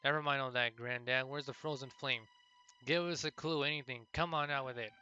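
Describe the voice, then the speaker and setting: A man's voice: medium pitch, a little fast, sharp tone, dull audio, a little hiss or hum. A man voicing a brash, impatient young female thief who talks bluntly and pushes others along.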